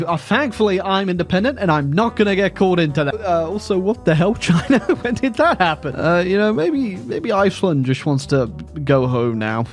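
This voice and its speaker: Man, gaming commentary, wry and joking, slightly high voice, faint music behind. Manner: wry, joking, lots of fillers. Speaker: gaming YouTuber. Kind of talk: casual gameplay commentary.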